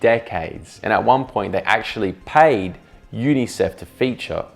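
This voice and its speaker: Man, lowish voice, sarcastic scripted narration, faint music underneath. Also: lively intonation, a little slow, vocal fry. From Australia. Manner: sarcastic, jokey, swears freely. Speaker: video essay host. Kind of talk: scripted comedic video essay narration.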